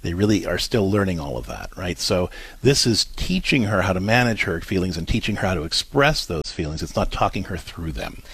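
A man with a low, husky voice talks through parenting advice in an earnest, explanatory way. He stumbles and restarts often. The sound is close and dry. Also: very animated, brisk, hardly any pauses, fairly bright tone, dry recording. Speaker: parenting show co-host. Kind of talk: advice talk.

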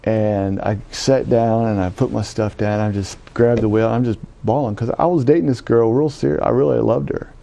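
A middle-aged man from Louisiana, a Catholic priest, giving an animated personal testimony and acting out the voices he quotes. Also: mid-range voice, moderate pace, vocal fry, few pauses. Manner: animated storytelling, acts out quoted voices, frequent "right?". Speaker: Catholic priest telling his vocation story.

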